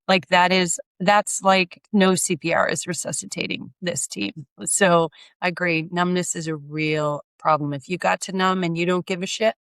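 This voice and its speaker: A middle-aged woman with a somewhat low voice co-hosts a casual podcast. She reflects thoughtfully, then fires back quick, dry jokes. The sound is dry and close. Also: a bit bright, smooth, dry recording. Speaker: podcast co-host. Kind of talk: casual chat.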